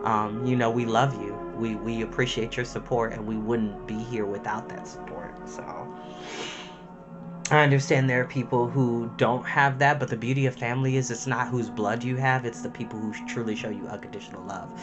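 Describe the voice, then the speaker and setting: A young man speaks straight to the camera, heartfelt and a little emotional, with a chatty flow full of "like" and "um". His voice sits at an ordinary middle pitch, and faint music plays underneath. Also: steady tone, normal speed, highs cut off. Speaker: storytime host. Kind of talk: personal talk to camera.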